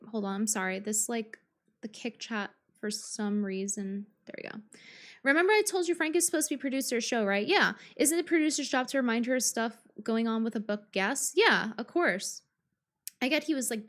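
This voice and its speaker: A woman's voice: on the high side, fairly bright tone. A woman streamer ranting on a live stream in a combative, profane way, full of fillers and restarts. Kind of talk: live-stream reaction rant.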